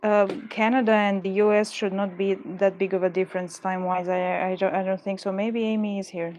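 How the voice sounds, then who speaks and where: A woman talks loosely to viewers while she works on jewelry, meandering onto side topics and calming herself when things go wrong. Her voice is medium-pitched, brisk, and darkish, with fairly even intonation. A slight hiss or hum is audible.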